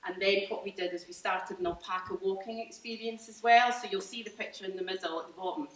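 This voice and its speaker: A woman farmer from Scotland speaks fast in a steady, mid-range voice, telling an audience about her farm business in a chatty, enthusiastic style full of fillers and restarts. The mic is distant in a roomy hall.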